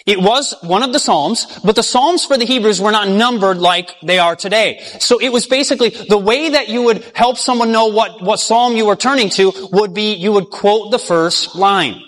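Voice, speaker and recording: A man with a high voice preaches a sermon and keeps drawing his listeners in with questions, letting them finish the verses. When he reads scripture he slows down and sinks low. His voice rings out with a long reverb, as in a large hall. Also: fairly bright tone. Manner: drops low and slow when reading scripture aloud.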